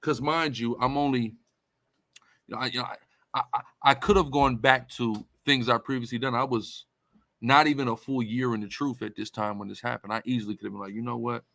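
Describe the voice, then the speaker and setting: A man's voice: mid-range voice, steady tone, brisk, creaky, pushed and bright, no room sound. A man talks like a preacher, leaning hard on his points and repeating them for weight. His voice sits dry and close to the mic with no room sound. He stays loose and conversational while he teaches. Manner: emphatic, repetitive, conversational. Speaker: religious teacher. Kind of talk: preaching-style commentary.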